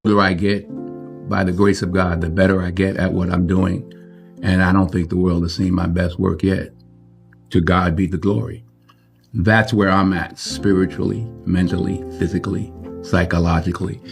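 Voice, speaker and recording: Older guy in an interview, lowish voice, slow and emphatic, music underneath. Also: flat delivery, gravelly. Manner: emphatic, deliberate, repeats lines for effect. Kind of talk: reflective interview talk.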